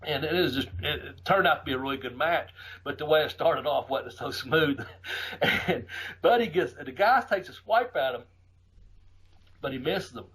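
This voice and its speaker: A middle-aged man, a podcast host casually telling profane, animated stories and laughing often. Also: fairly high pitch, moderate pace, slightly rough, rough recording. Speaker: podcast host and former wrestler. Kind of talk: casual storytelling.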